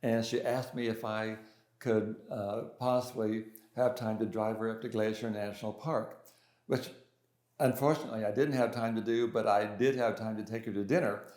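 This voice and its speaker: A man's voice: on the low side, steady tone, normal speed, darkish tone. Older man telling stories in a roomy space. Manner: hesitant, many restarts and fillers. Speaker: interview guest, pianist and composer. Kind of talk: casual storytelling in an interview. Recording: roomy echo.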